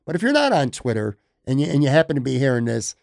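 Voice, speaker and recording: Man, sports podcast host, excitable, knee-jerk, medium pitch, dry close mic. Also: fast talker, vocal fry, no room sound. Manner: excitable, self-admitted knee-jerk reactor. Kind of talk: casual sports podcast chat.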